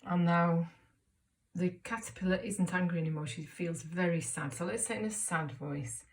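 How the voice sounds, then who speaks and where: A woman teaching a children's reading lesson, explaining clearly, step by step and encouragingly. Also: on the low side, normal speed. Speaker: primary school teacher.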